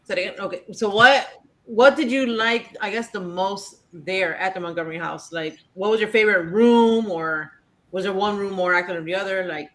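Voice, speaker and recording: A woman's voice: medium pitch, normal speed, a bit bright. A woman hosting a podcast, asking guests hesitant, rambling questions. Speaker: podcast host. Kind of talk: interviewing guests.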